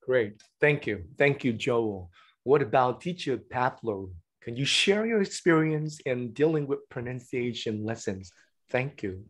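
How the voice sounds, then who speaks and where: A man's voice: mid-range voice, lively intonation, unhurried. A man leading an online teacher-training session over a video call. He keeps checking in with the group, saying "all right" and "okay" often. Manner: repetitive, encouraging, with frequent "all right" and "okay".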